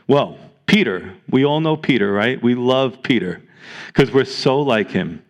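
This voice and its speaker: A man's voice: medium pitch, expressive, unhurried. A man preaching a sermon as pastor, earnest and exhorting, reading scripture aloud to his congregation.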